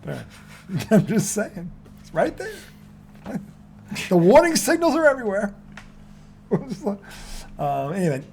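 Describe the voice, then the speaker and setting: A man co-hosting a casual podcast, teasing and quick to react. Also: high voice, sing-song, creaky, darkish tone, slight background noise. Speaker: co-host.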